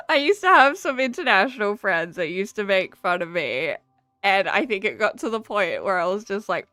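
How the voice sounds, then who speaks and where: A woman's voice: mid-range voice, big pitch swings, normal speed, bright, forceful tone, no room sound, faint music behind. A young Australian woman chatting casually with her viewers while playing a game, laughing often and swearing freely. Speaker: streamer. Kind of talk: casual chat while gaming.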